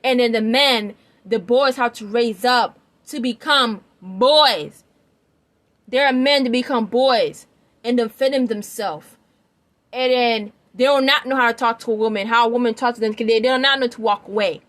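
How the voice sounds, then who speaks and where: A woman's voice: a little high, moderate pace, fairly bright tone. A woman giving her opinion in a rambling, emphatic vlog, often checking that the listener follows her. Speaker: vlogger. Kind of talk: opinion commentary.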